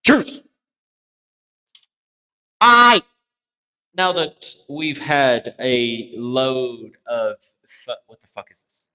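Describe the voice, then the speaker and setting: Man, gaming streamer, casual profane commentary, mid pitch, muffled lo-fi audio. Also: slow pace, few pauses, a bit bright, smooth. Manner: loose and profane, thinking aloud.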